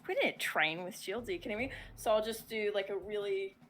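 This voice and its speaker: A woman's voice: medium pitch, brisk, fairly bright tone, a little hiss or hum. A woman playing a tabletop game, hesitant with many ums and easy giggles. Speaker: player.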